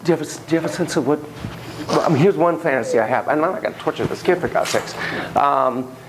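A man working as a child psychotherapist in a play therapy demonstration, talking gently and reflectively in a playroom. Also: fairly high pitch, quick pace, noisy background.

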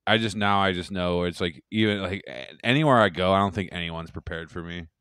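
A man's voice: low-pitched, fairly quick, a bit bright, clean tone, no echo, clean studio sound. A man co-hosting a podcast, telling rambling, profane, boastful stories about doing stand-up. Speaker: podcast co-host and stand-up comic. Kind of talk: casual podcast chat.

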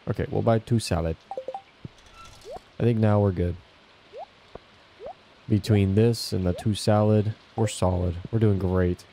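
Mellow-voiced man chatting over gameplay. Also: fairly low pitch, fairly even intonation, unhurried, long pauses, slight background noise. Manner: chatty, self-talking while playing. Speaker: gaming channel host. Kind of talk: casual gameplay commentary. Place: home, indoors.

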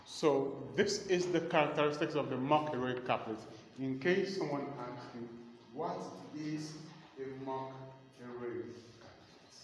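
A man's voice: medium pitch, a little hiss or hum. Male lecturer repeating terms in echoey hall. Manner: slow, repeats key terms to dictate notes. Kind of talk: classroom lecture. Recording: echoey hall with faint ambience.

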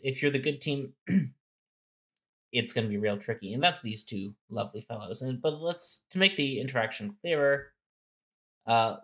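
A man's voice: mid-range voice, a bit bright. A man co-hosting a casual game-strategy talk, explaining step by step and thinking aloud with restarts. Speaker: co-host.

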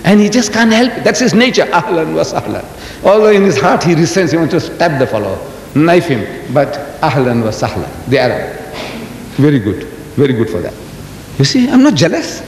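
An older man giving an animated religious lecture, telling stories and asking the audience rhetorical questions. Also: normal speed. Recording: echoey hall with faint rumble.

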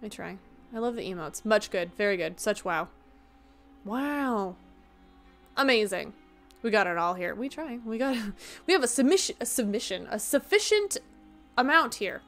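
A woman's voice: mid-range voice, lively intonation, a little fast, fairly bright tone, faint music behind. A woman streaming a game who chats casually to her viewers, rambling and joking at her own expense, sounding tired. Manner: rambling, joking and self-mocking. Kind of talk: casual live-stream chat.

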